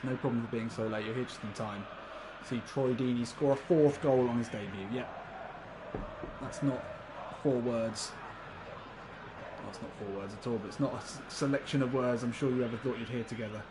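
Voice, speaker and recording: A man's voice: medium pitch, fairly even intonation, moderate pace, noisy background. A man commenting live on a football video game, chatty and laughing often, swearing casually and talking to his viewers. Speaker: gaming livestreamer.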